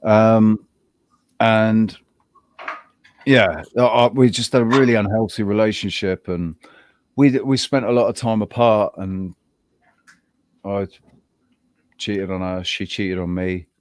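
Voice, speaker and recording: A man co-hosting a podcast, telling a personal story in a rambling, halting way with frequent restarts. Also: lowish voice, fairly even intonation, no room sound, clean studio sound. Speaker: podcast co-host. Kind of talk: casual chat.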